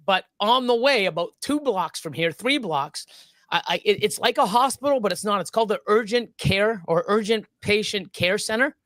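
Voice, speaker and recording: A man with a rather high voice tells a long story in loose, casual chat. He trips over his words, restarts often and swears freely. The sound is close and dry, with no room around it. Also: moderate pace, a bit bright, dry recording. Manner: rambling and profane, with many restarts. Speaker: live stream co-host.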